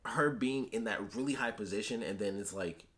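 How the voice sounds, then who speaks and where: A man's voice: lowish voice, normal speed, a bit bright. A man giving a casual spoken review of a TV episode, rambling with lots of fillers and restarts.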